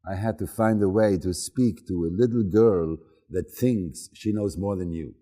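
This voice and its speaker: A man's voice: low voice, a little slow, warm tone. A man teaching, telling a personal story in an informal, storytelling way. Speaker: Human Design teacher. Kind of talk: talk to a group.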